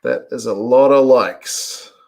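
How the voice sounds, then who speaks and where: A man hosts a live-stream watch-along from his home, reacting to a tense rugby finish. He talks at an unhurried pace in a mid-pitched voice, breaking into excited outbursts and chatting with his viewers between calls. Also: creaky. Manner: excitable, yells at the screen, chats with viewers. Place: home, in front of a TV.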